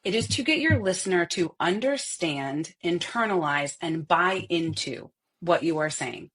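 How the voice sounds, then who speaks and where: Voice coach lady on a podcast, kinda low voice, really expressive. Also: unhurried, breathy edge. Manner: expressive, demonstrates vocal styles. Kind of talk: podcast interview.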